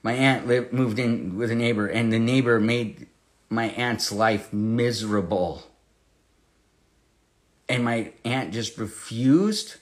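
A man with a fairly low pitch teaches through a Bible passage one verse at a time. His delivery is impassioned and conversational, climbing to loud emphasis and falling back to quiet storytelling.

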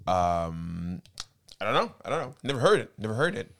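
A man's voice: on the low side, sing-song, normal speed, gravelly, fairly bright tone. A man whose first language is French, chatting casually and playfully asking about English slang. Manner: playful, curious questioning. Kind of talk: casual chat.

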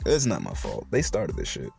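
A man's voice: extremely low pitch, huge pitch swings, moderate pace, vocal fry, over music. A young man hosting a solo podcast, telling stories in a swearing, laughing rant. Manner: profane, laughing storyteller. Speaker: podcast host.

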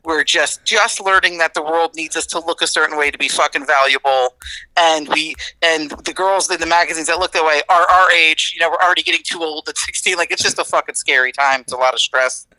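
A woman's voice: sits low, a little fast, sharp tone, dry recording, low-quality recording. A middle-aged woman talking as a podcast guest, blunt and sarcastic, swearing freely in casual chat.

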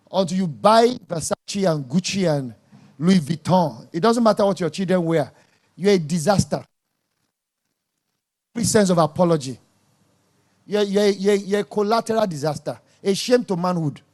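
A man's voice: sits high, normal speed, a little mellow. A man preaching a sermon, emphatic and scolding, repeating words for stress.

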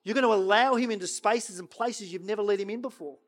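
A middle-aged pastor preaches in a fairly high voice for a man. He pushes hard on his points, then drops to a near-whisper for prayers and scripture. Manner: swings between loud urging and hushed, slow prayerful quoting. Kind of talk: sermon.

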